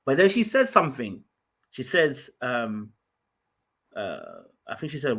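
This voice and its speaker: A man from Ghana, telling an animated story in casual podcast chat, full of fillers and restarts. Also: mid-range voice, moderate pace. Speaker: podcast guest.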